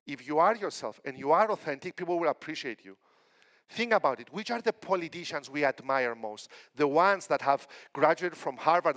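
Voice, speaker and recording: A middle-aged man from Cyprus delivers a conference keynote in a fairly high voice. He talks in a lively storytelling way and acts out the lines of the people in his anecdotes. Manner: animated storytelling with acted quotes. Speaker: keynote speaker.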